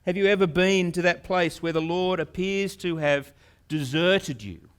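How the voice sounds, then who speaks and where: A male pastor preaching a sermon in an earnest manner, repeating words and rising into loud, pleading questions. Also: high-pitched, measured pace, smooth.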